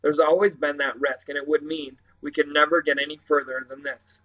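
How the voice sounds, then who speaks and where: A man voicing a brave young boy while reading a novel aloud, his tone a little high and even. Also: fairly quick, close to an everyday voice, low-quality recording. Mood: eager. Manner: read aloud, calling out at times. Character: plucky young boy, braver than he feels.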